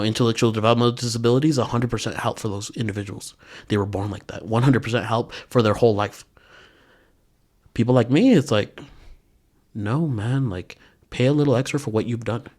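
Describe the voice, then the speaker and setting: A young man in casual podcast chat, blunt and profane, thinking out loud as he talks. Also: medium pitch, a little fast, long pauses.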